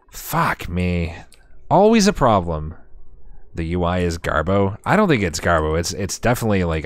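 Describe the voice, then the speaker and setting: A man's voice: sits low, dry recording. A man streamer giving casual gameplay commentary, chatty and sarcastic with himself, swearing often.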